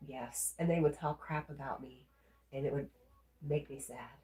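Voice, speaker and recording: Stuffy low-voiced Southern woman streamer. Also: fairly even intonation, normal speed, dark tone, reverberant. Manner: chatty, reads comments aloud and answers them. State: stuffy nose. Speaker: livestream host. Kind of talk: casual chat reading viewer comments.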